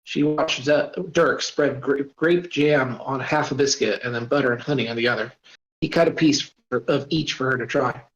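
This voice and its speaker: A man's voice: mid-range voice, fairly even intonation, normal speed. A man reading his own story aloud, casual, stopping to add asides and apologies. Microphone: voice-chat mic. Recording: roomy, dull voice-chat audio.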